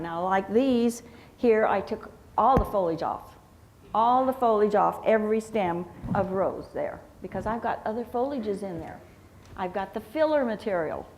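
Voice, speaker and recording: A woman teaching flower arrangement at a live seminar, explaining slowly with fillers and restarts. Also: medium pitch, a little mellow. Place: convention hotel meeting room.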